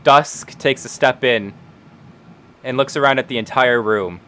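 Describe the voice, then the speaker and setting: A man running a tabletop game as game master, narrating scenes in a relaxed way with frequent fillers. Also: mid-range voice, measured pace, clean tone.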